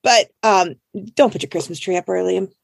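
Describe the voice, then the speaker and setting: A woman in her thirties hosting a casual chat, telling a story with lively voices for the people in it. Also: fairly quick, creaky, no echo, clean studio sound. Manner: animated, acts out quotes in high voices. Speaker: podcast host.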